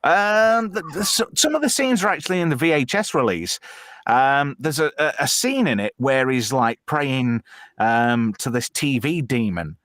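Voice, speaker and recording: Animated man hosting a chat. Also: medium pitch, normal speed, dry recording, studio quality. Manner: chatty, self-deprecating storyteller. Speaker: host of a live film chat panel. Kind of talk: casual live-stream chat.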